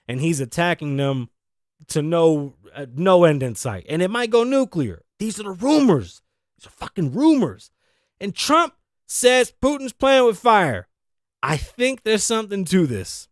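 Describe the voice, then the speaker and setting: Animated, profane male talk show host. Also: fairly high pitch, dry recording, studio quality. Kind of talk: comedic monologue.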